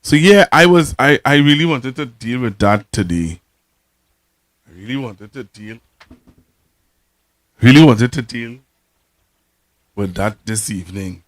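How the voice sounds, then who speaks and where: A man's voice: mid-range voice, animated, measured pace, long pauses. Trinidadian man hosting a call-in show. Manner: mocking, teasing, repeats himself. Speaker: radio talk show host. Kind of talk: casual call-in talk show.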